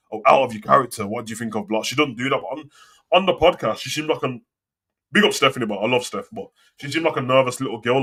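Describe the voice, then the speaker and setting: A man's voice: mid-range voice, a bit bright. A young man hosting a live wrestling talk show, ranting and swearing in casual slang. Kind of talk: casual live commentary and rant.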